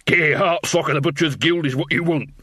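A man's voice: on the high side, fairly even intonation, fairly quick, a bit bright, slightly rough, dry recording, clean studio sound, voice pushed up. A man voicing a blunt, short-tempered male dwarf guard with curt, threatening speech.

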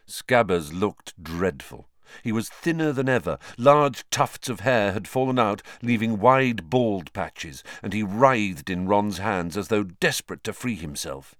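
A man reading a storybook aloud in expressive scripted narration. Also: lowish voice, unhurried, no room sound, clean studio sound. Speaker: audiobook narrator.

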